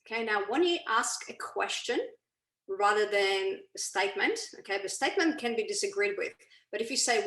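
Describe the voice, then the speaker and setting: A woman's voice: medium pitch, animated, brisk, a bit bright. A woman explaining ideas on a video call as a guest coach, who keeps checking in with "okay?". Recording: roomy echo.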